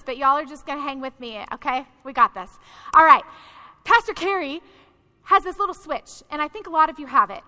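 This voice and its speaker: A woman pastor preaches in a direct, conversational way, her voice very high and strikingly bright. It rings out with a long hall reverb, as if from a church sanctuary. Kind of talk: sermon.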